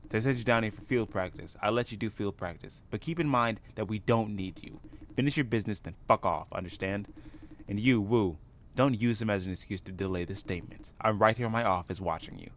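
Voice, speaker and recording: An actor voicing a curt, profane office boss. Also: male voice, fairly low pitch, brisk, a little hiss or hum, natural voice. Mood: contemptuous. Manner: curt, dismissive commands. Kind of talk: game voice acting.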